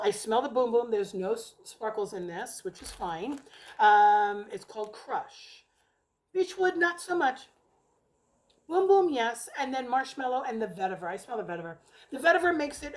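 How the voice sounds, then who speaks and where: A woman's voice: a little high, rough recording. A middle-aged woman at home, chatting casually and rambling as she reviews wax melts, swearing now and then. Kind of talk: casual chat. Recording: noticeable background noise.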